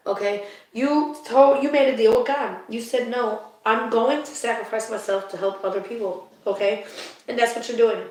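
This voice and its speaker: A woman with a fairly high voice gives a live spiritual card reading, speaking straight to her viewers. She is emotional and confiding, laughs easily, and keeps checking that the listener is following. The recording is drenched in the echo of a bare room. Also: darkish tone. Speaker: spiritual reader. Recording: very echoey room.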